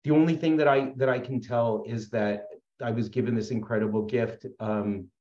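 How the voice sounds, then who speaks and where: Speaking at a support meeting for recovery, this man tells his story earnestly but rambles, often using fillers and starting over. His medium-pitched voice is steady and darkish at a moderate pace, on a muffled, roomy recording.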